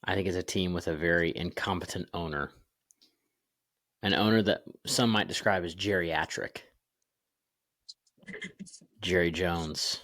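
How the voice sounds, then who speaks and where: A man's voice: low-pitched, a little slow, pauses often, fairly bright tone, no room sound, studio quality. A young man co-hosting a casual sports podcast over a video call, rambling with fillers and restarts. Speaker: podcast co-host.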